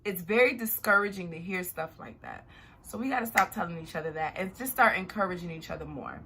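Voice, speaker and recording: A young adult woman vlogger talking casually to her viewers, chatty and animated. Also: fairly low pitch, brisk, gravelly, background noise. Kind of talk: casual talk to camera.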